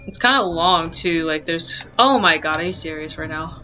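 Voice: medium pitch, normal speed, bright, forceful tone, dull audio, faint music behind. A gamer giving casual gameplay commentary, exclaiming often and getting easily frustrated while laughing at their own mistakes. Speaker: let's play gamer.

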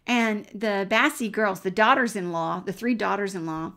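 Middle-aged woman with a gravelly edge. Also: medium pitch, normal speed. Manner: warm, earnest storytelling that drops to a near-whisper at times. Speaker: Christian speaker. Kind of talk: personal faith testimony, storytelling.

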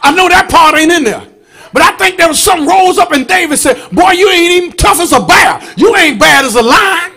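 A man's voice: very high voice, expressive, a little fast, vocal fry. A man preaching a fiery sermon as pastor, calling out to the congregation and chanting his lines. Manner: shouting, chanting, call-and-response with congregation. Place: church sanctuary.

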